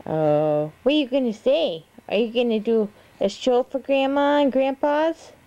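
A woman's voice: a little high, expressive, unhurried, dark tone, dull audio. A woman, a mother, cooing to her baby in sing-song baby talk on a home video.

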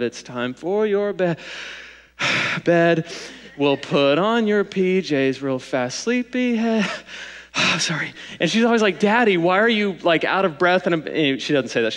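A young man preaching a sermon as pastor, in a conversational manner with animated asides. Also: fairly high pitch. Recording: long hall reverb.

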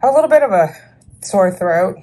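A woman's voice: medium pitch, lively intonation, a little fast, mellow. A woman in her thirties chatting casually in a vlog, talking herself through her breakfast and her groceries. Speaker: vlogger.

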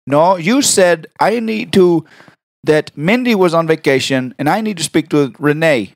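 A man putting on a slow, stalling prank caller. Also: a little high, expressive, vocal fry, no room sound, studio quality, pitched above the performer's own voice. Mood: slow, mock-polite. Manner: drawn-out, halting, falsely polite. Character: slow, confused male caller who keeps stalling.

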